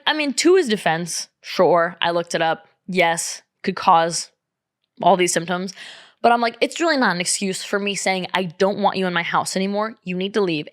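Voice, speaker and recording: A woman's voice: mid-range voice, a bit bright, dry recording, clean studio sound. A young woman telling a personal story in casual, candid talk, swearing freely and acting out what others said. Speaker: vlogger.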